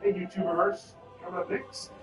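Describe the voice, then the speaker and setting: A man's voice: high voice, little pitch movement, brisk. A male host in a casual chat, joking and playful as he leads the show. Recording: distant echoey lo-fi audio with music.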